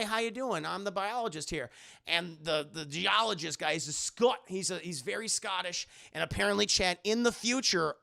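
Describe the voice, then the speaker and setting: A young man reviews a film for his live chat in a loose, rambling way and swears freely. His voice sits a little high and sounds bright and edgy. It has a strong gravelly fry. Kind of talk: casual spoken film review.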